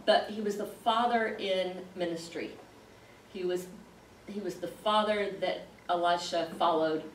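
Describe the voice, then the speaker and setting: A Sunday school teacher leads a church Bible class, talking the group through a passage at an easy, conversational pace full of fillers and pauses. Her medium-pitched voice comes from a little back from the mic in a roomy space, with a faint hiss underneath.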